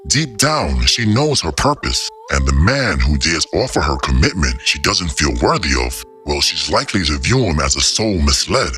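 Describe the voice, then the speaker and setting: A man's voice: very deep voice, very animated, moderate pace, hardly any pauses, pushed and bright, faint music behind. A man narrating commentary in a dramatic, mocking tone with old-fashioned phrasing. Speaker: commentary host.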